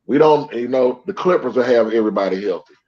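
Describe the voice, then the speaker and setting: Sports show co-host: blunt, jokey man, mid-pitch voice, muffled lo-fi sound. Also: lively intonation, fast talker. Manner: blunt, joking, talks in long run-on takes. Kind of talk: casual sports debate.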